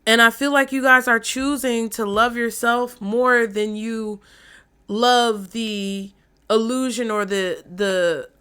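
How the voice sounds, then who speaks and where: A woman's voice: a little high, steady tone, slow, sharp tone, clean tone. A woman giving a casual tarot reading in a blunt, frank way, swearing freely. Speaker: tarot reader.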